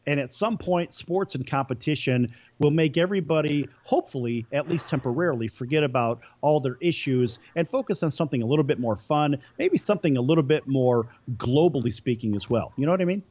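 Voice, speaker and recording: A male talk show host asks questions in a chatty, lively voice. His voice sits fairly high and swings widely in pitch, and it is heard on a dull, lo-fi recording. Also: fairly quick, few pauses.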